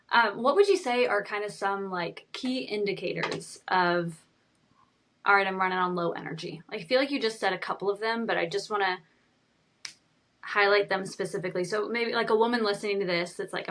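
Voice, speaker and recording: A woman with a voice of middling pitch hosts a relaxed podcast interview. She keeps up a steady stream of affirmations and asks her guest to spell points out. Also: moderate pace. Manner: encouraging, frequent affirmations. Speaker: podcast host. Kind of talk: casual interview.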